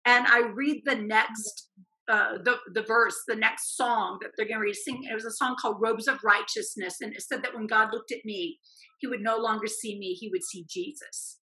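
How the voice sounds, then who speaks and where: A woman telling a personal faith testimony as a guest, animated and acting out the voices in her quotes. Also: fairly high pitch, moderate pace, low-quality recording.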